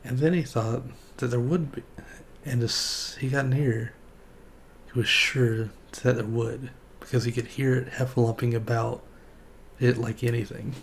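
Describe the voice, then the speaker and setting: A man streamer reading a children's storybook aloud in a relaxed, folksy way. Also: mid-range voice, unhurried, gravelly, slight background noise.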